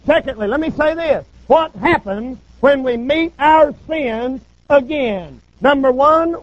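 A man's voice: very high-pitched, animated, slow pace, few pauses. A man preaching a sermon in a folksy, humorous storytelling manner. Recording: dull lo-fi recording.

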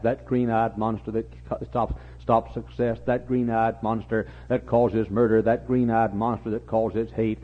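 An older man preaching a sermon, repeating his phrases and building to impassioned, near-shouting peaks. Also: fairly low pitch. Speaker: pastor. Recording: muffled lo-fi recording.

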